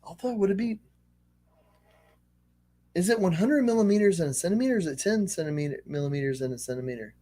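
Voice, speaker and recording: A man's voice: high-pitched, animated, fast, pauses often, mellow. Hesitant man thinking aloud. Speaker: artist hosting a live stream. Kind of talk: casual live-stream chat.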